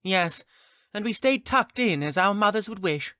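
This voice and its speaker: A cheeky little shapeshifter with a high, squeaky voice, as a man puts him on, quick with sharp remarks and complaints. His tone jumps about playfully. The read is dry and close. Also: expressive, clear, resonant tone, no room sound. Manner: cheeky, sharp-tongued, whiny. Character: cheeky young-looking male shapeshifter, witty and hungry. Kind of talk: audiobook character reading.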